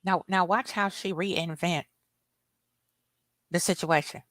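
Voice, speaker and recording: A woman's voice: on the low side, steady tone, slow, a bit bright, dry recording. A woman hosting a commentary rant, blunt and profane as she reacts to clips. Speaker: commentary host.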